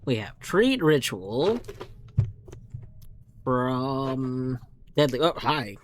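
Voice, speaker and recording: A man's voice: mid-range voice, sing-song, extremely slow, a little hiss or hum. Streamer guy chatting casual on a live stream, goofy and fond with his cats. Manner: playful, talks fondly to his cats.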